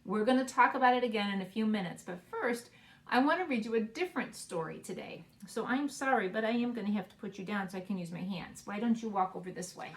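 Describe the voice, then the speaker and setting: A woman preschool teacher reading a picture book aloud to young children in a slow, sing-song way, with playful voices for the animals. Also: mid-range voice, lively intonation. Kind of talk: storybook read-aloud for children.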